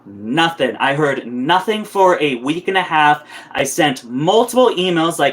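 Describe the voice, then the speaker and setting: A man's voice: fairly high pitch, sing-song, a little slow, fairly bright tone. A young man live-streaming as a reptile keeper, ranting in a heated, profane way with many restarts. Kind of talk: casual live-stream rant.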